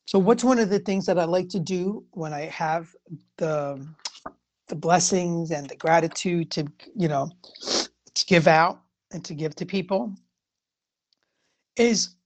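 A woman shares her thoughts on tarot and moods in a loose, conversational way. Her voice sits a little on the low side, and she circles back on her points with plenty of casual fillers. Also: a little slow, pauses often. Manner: chatty and rambling, frequent "you know" fillers. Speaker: tarot reader. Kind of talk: casual spiritual talk to viewers.

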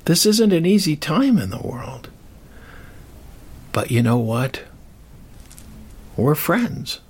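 A man's voice: fairly high pitch, very animated, takes it slowly, slightly rough. An older man hosting a show, telling a story in a rambling, chatty, self-deprecating way. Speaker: host. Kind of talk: casual storytelling.

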